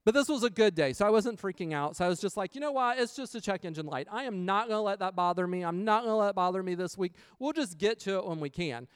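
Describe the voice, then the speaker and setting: A man with a slightly higher than usual voice tells a personal story in a chatty, casual way. His tone is smooth and resonant, and the recording is close and dry. He acts out the back-and-forth of conversations as he goes. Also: lively intonation, quick pace, hardly any pauses, no room sound. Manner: chatty, retells scenes with quoted dialogue, faith-based reflection.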